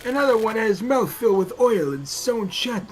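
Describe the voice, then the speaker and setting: A man's voice: sits high, expressive, moderate pace, breathy edge. A man voicing a frail old male witness in a game, talking in a rambling, drifting way. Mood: grim.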